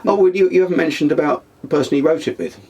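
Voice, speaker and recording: A man's voice: on the high side, racing, gravelly, darkish tone. A man interviewing his father in a casual chat, easygoing with teasing prompts.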